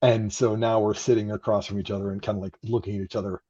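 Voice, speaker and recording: A man's voice: lowish voice, little pitch movement, fast, dark tone, muffled recording. A man describing his character's actions in a tabletop game, hesitant and amused. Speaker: player. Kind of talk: casual tabletop play.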